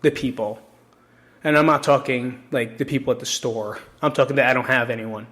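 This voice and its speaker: A man's voice: mid-range voice, fairly even intonation, brisk, a bit bright. A man from New Jersey hosting his own podcast, talking openly and emotionally to listeners with plenty of swearing in a casual solo monologue. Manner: candid, emotional and profane, talks straight to listeners. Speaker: podcast host.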